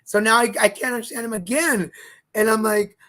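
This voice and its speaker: A man co-hosting a casual livestream chat show, telling a story in a lively way and acting out the other people in it. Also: sits high, a little fast. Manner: animated storyteller, acts out quoted lines. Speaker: co-host.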